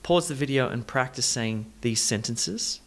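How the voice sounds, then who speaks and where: A man teaching an English pronunciation lesson, explaining directly to learners and repeating words slowly to model syllable stress. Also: medium pitch.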